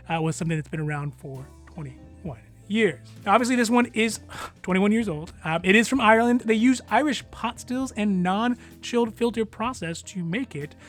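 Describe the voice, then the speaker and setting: A man hosting a whiskey review vlog, talking casually in a relaxed, rambling way with lots of fillers and small chuckles. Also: sits high. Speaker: whiskey channel host.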